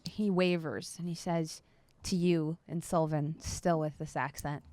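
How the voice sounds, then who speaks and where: A woman's voice: low voice, fairly even intonation, measured pace, mellow, dry recording. Woman game master, dry close sound. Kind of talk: narrating a tabletop game.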